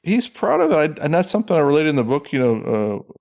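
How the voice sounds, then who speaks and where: A man's voice: a little high, sing-song, fast, creaky, a little mellow. A middle-aged man, a former intelligence officer, talking emphatically as a guest on an interview podcast. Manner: emphatic, repeats words when fired up. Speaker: ex-CIA officer, guest expert.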